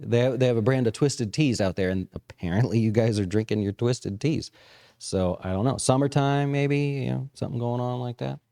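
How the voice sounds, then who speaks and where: Man, market-commentary host, mellow tone, casual and rambling, lots of uhs, mid pitch. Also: steady tone, fairly quick, creaky. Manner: conversational, frequent fillers and restarts. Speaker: investment firm host.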